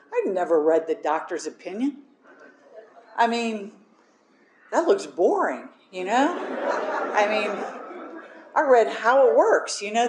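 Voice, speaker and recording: A woman's voice: mid-range voice, a little mellow, reverberant, slight background noise. A woman telling a personal recovery story, speaking candidly and mocking herself with frequent laughs. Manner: candid, self-deprecating, laughs often. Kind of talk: personal testimony talk.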